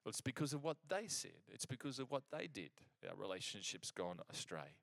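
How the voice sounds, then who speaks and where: Animated male preacher, dry sound. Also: on the low side, fairly quick, creaky, no room sound. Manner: animated storytelling, acting out quoted exchanges; conversational, with frequent restarts. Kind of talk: sermon with personal story.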